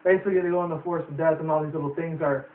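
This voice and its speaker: A man's voice: a little high, fairly even intonation, racing, distant mic, a little hiss or hum. A young man reviewing a movie in a rambling casual way, swearing often and using lots of fillers. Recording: tinny phone-like roomy sound from afar.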